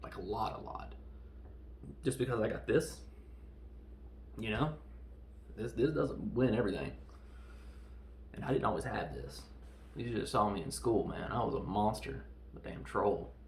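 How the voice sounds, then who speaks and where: A man's voice: fairly low pitch, measured pace, long pauses, slight background noise. A man hosting a podcast, giving a casual, joking, self-deprecating film review. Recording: roomy echo.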